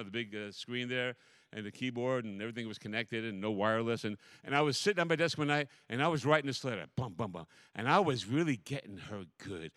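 A man preaching as a pastor in a church, telling a story with animated, repetitive preaching cadence. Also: mid-range voice, dry recording, studio quality. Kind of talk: sermon.

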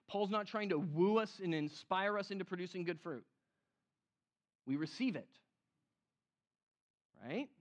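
High-voiced, lively preaching man. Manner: animated, conversational preaching with acted quotes. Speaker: pastor. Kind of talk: sermon.

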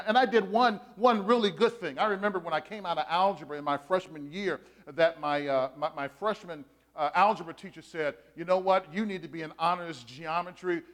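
A middle-aged male pastor with a high, slightly bright voice preaches a sermon in a conversational, storytelling manner. He poses questions to his congregation and shares personal stories.

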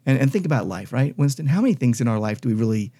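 Man, pastor co-hosting a podcast, warm mellow tone, emphatic scripture teaching. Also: medium pitch, expressive, very fast. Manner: emphatic, explanatory, reads scripture aloud. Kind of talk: conversational Bible teaching.

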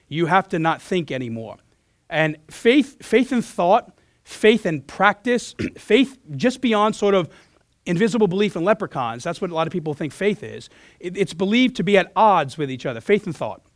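A man preaching a sermon in a church as pastor, his voice hoarse from losing it, earnest, often restarting and clearing his throat. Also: a little high, no echo, clean studio sound.

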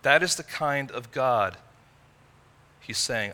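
A man preaching a sermon in an earnest way, rising to emphatic peaks and dropping low and quiet. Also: lively intonation, slow pace. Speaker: pastor.

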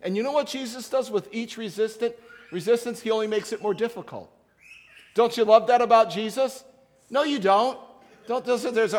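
A man with a high voice preaches a sermon in a loose, conversational way. He slips into short acted asides as different Bible characters while he tells the story. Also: normal speed. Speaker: pastor.

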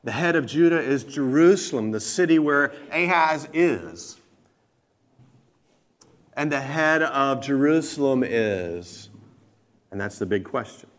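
Male preacher, mid-range voice, earnest sermon delivery, stretches out quoted verses. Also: mid-range voice. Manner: earnest, slows and swells on scripture quotes.

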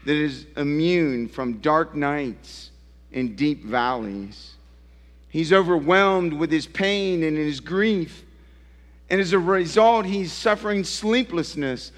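A man preaching a sermon slowly and emphatically, with dramatic pauses and repeated phrases. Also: a little high, lively intonation, fairly bright tone, long reverb tail. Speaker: pastor.

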